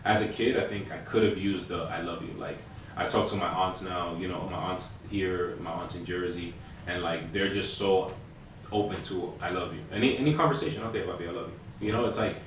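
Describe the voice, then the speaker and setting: A fast-talking man in his thirties chats and tells stories on a podcast, animated and loose, with swearing tossed in. His fairly low voice sits back from the mic in a very echoey room with faint hiss. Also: recorded from a distance. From Hispanic household. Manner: animated, swears casually, many fillers. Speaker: podcast co-host. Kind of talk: casual storytelling chat.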